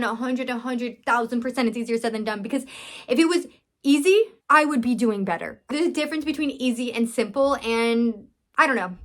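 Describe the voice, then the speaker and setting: A young woman vlogger talking earnestly and emotionally to her viewers, rambling with restarts. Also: on the high side. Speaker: vlogger and business owner. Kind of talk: casual heartfelt talk to camera.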